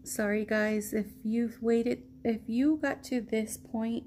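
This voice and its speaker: A woman from Texas telling a story in a slow, rambling way, with many pauses and ums. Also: a little high, steady tone, a little mellow, a little hiss or hum. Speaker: vlogger. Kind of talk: casual story time.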